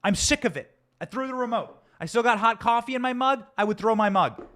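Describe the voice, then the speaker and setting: A man with a fairly high voice rants through his political commentary, angry and emphatic. He pushes every point with theatrical force, and he speaks from a studio. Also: lively intonation, a little fast, fairly bright tone. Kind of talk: heated political commentary rant.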